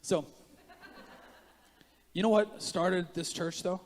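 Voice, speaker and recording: A man's voice: high-pitched, takes it slowly. Passionate preaching pastor, man, big hall. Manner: animated preaching, swings from quiet asides to loud emphatic rises; jokey, self-mocking asides. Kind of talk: sermon. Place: church sanctuary.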